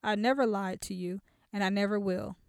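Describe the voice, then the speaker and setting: A woman voicing a cold, ruthless wealthy businessman who speaks calmly and without remorse, in an audiobook. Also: mid-range voice, brisk, vocal fry, clean tone, no echo, studio quality, natural voice. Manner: calm, unapologetic. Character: cold ruthless wealthy male CEO husband.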